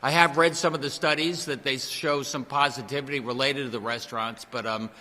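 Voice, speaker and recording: A man, the governor, answering reporters' questions at a press briefing in a measured way with many fillers. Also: medium pitch, fairly even intonation, sharp tone, big-room sound. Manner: measured, filler-heavy replies.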